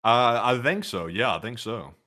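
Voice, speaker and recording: A man's voice: mid-range voice, animated, normal speed, pushed and bright. A man co-hosting a channel, dropping dry joking asides into casual chat. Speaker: co-host of a news commentary channel.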